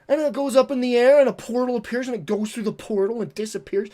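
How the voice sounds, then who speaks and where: A streamer talking casually on a live stream, gushing and excitable, often stumbling and repeating words. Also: medium pitch, quick pace. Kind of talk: casual livestream talk ranking games.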